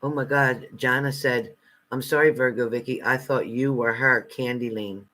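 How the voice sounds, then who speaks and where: A man hosting a live stream as a spiritual reader, reading out viewer comments and answering them bluntly, swinging between loud outbursts and low muttered asides. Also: steady tone, normal speed. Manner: blunt and confrontational, talking back to commenters.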